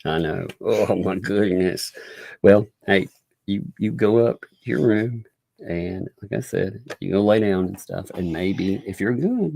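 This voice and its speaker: A man's voice: fairly low pitch, vocal fry, warm tone, husky, no room sound. A man hosting a casual live-stream commentary from home, reading documents aloud and laughing often. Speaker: host.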